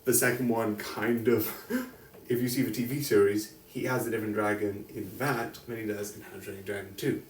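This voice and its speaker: A man's voice: on the low side, steady tone, normal speed, slight background noise. A man giving a casual, rambling film review, correcting himself often and laughing between thoughts. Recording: echoey room, distant mic.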